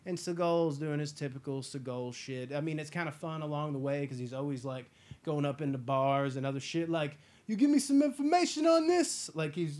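A man hosting a casual movie review chat, enthusiastic and profane, acting out scenes in quick impressions. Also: mid-range voice, darkish tone. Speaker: podcast host.

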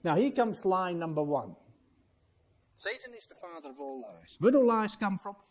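A man's voice: high voice, sing-song, normal speed. A man preaching a sermon as pastor in a church, emphatic and putting rhetorical questions to the congregation.

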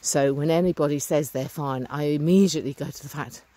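A woman's voice: low-pitched, steady tone, brisk, mellow. A middle-aged woman talking earnestly and chattily to a handheld camera while walking outdoors by a stream. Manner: earnest, upbeat, chatty with fillers. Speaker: vlogger. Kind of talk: walking vlog, casual talk to camera. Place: outdoors on a rural lane by a stream. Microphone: phone or camera held while walking.

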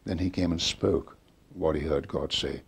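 Deep husky older man telling stories. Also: normal speed. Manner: animated storyteller acting out quoted dialogue. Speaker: interviewee recounting a preacher's ministry. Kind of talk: storytelling interview.

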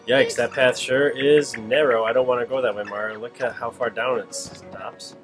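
Guy reading a jumpy paper girl sidekick, flat voice, game music under it. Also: mid-range voice, normal speed, natural voice. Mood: worried.

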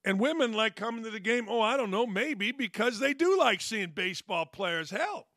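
A man's voice: sits high, expressive, normal speed, sharp tone, no echo, clean studio sound. A middle-aged man hosting a sports talk show, ranting bluntly and sarcastically and mocking his critics. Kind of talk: opinionated sports talk rant.

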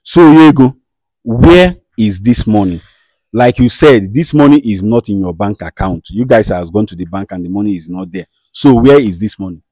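A man with a Nigerian accent acting as a show host who calmly mediates a dispute and questions firmly. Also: fairly low pitch, moderate pace, no echo. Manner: soothing, repeats "calm down", firm questioning. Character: male show host, calm and commanding mediator. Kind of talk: comedy skit acting.

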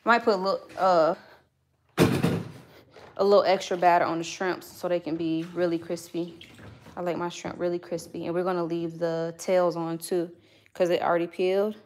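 A woman's voice: fairly low pitch, flat delivery, moderate pace. Chatty woman vlogging while she cooks. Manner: chatty, talks to viewers and to her kids off camera between steps; loose, slangy casual speech. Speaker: vlogger cooking for her channel. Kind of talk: casual chat while cooking. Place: home kitchen. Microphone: phone camera nearby, set down at times.

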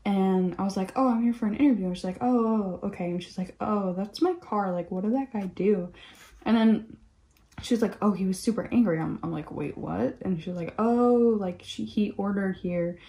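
A woman's voice: medium pitch, normal speed. A young woman chatting casually while crafting, rambling with lots of "like" and acting out quotes as she tells stories. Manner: rambling, peppered with "like", animated retelling of quotes. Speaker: craft vlogger. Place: home craft room.

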